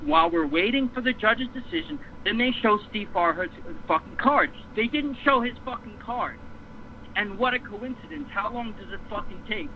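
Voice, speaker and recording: A man ranting hard about a boxing decision, swearing often and repeating himself as he builds his case. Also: sits high. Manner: fired up, profane, repeats himself. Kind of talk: heated boxing rant. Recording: dull lo-fi stream with faint noise.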